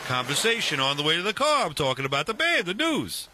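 Bright, lively man in his fifties for a casual storytelling chat, animated with restarts. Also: fairly high pitch, fast, a little hiss or hum. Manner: animated, restarts, acts out dialogue.

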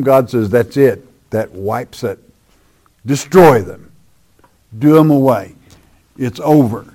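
Slow, mellow-voiced man teaching scripture. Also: mid-range voice. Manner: emphatic, repeats phrases, drops softly at line ends. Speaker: Bible teacher. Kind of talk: sermon-style Bible teaching.

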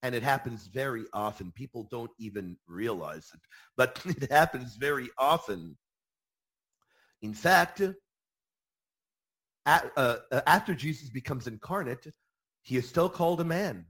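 A man hosting a Catholic apologetics talk in a preaching style, emphatic and animated, repeating phrases for emphasis. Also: mid-range voice, measured pace, long pauses, breathy edge.

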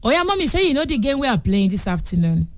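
A Nigerian woman hosting a lively call-in radio game show, switching between English and Yoruba and teasing her callers. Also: a little high, quick pace, dry recording. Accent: Nigerian, Yoruba-speaking.

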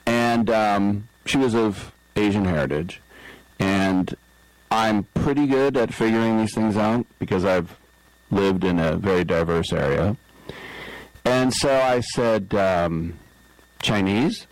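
Deep-voiced rambling radio sports host. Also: male voice, slow pace, dry recording, rough recording. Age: middle-aged. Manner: rambling storyteller, acts out quoted voices. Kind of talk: casual radio talk. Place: radio studio. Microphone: studio microphone.

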